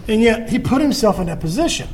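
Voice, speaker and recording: Guy preaching, pretty high voice, chatty and acts out the dialogue. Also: expressive, fast talker, darkish tone. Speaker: pastor. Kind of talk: sermon.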